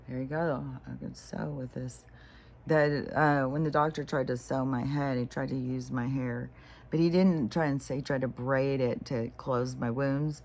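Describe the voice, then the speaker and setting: Low-voiced woman rambling casually. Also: gravelly. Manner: meandering, full of fillers and quoted asides; laughs often. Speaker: vlogger.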